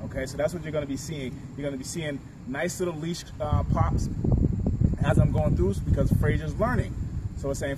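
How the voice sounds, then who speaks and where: A man's voice: a little high, a little fast. Guy training a dog on the street, explaining to camera, traffic noise behind him. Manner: coaching, talks to the camera and praises the dog. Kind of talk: outdoor training demonstration. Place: outdoors on a street. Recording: distant outdoor mic with street noise.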